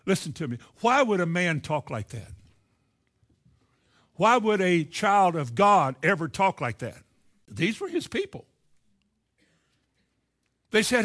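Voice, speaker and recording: A man's voice: high voice, big pitch swings, takes it slowly, long pauses, a bit bright. A man with a Kentucky accent preaching a sermon in a folksy, earnest way, acting out the voices he quotes.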